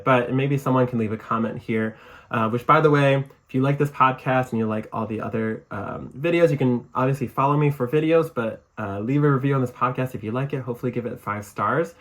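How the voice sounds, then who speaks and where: A man's voice: mid-range voice, quick pace, fairly bright tone. A man with a Michigan accent hosting his own podcast, talking casually and rambling with lots of fillers and restarts. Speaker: podcast host. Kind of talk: casual solo podcast talk.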